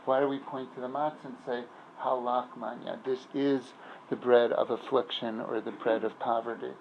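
A man, a rabbi, giving an informal class in a synagogue, telling stories and analogies in a conversational way, pausing to search for words. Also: medium pitch, little pitch movement, dull audio, a little hiss or hum.

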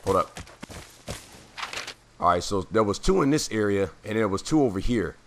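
A man giving casual gameplay commentary, chatty and rambling with many fillers, clearing his throat as his voice keeps cutting out. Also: fairly low pitch, expressive, normal speed, slight background noise. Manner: rambling, chatty, full of fillers and self-corrections.

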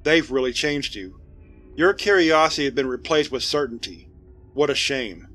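A man voicing a sly male spirit that speaks from a coffin, in a soft, hushed and mocking way, with faint music behind. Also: fairly high pitch, expressive, moderate pace, natural voice. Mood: softly taunting.

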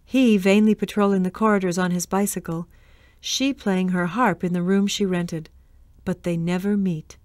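A woman reading a storybook aloud in a measured, expressive way. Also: on the low side, dry recording, clean studio sound. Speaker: reader. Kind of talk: storybook narration.

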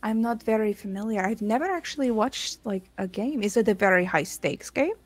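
A woman's voice: medium pitch, expressive, fairly quick, darkish tone, close to an everyday voice. A woman voicing a young female rogue who plays coy, with feigned innocence, in a tabletop game.

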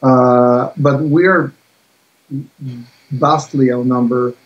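A man explains his field as a guest on a video call, pausing often and filling gaps with ums and uhs. His delivery stays level and even, and the call audio sounds dull and lo-fi. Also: medium pitch. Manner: hesitant, many fillers, even delivery. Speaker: guest expert. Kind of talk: casual science interview.

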